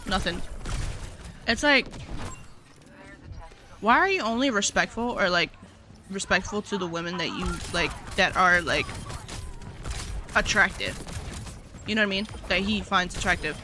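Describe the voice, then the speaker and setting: Chatty young woman with a bright voice. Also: medium pitch, animated, measured pace, pauses often, slight background noise. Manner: chatty, lots of "like", swears freely. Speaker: streamer. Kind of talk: casual livestream chat.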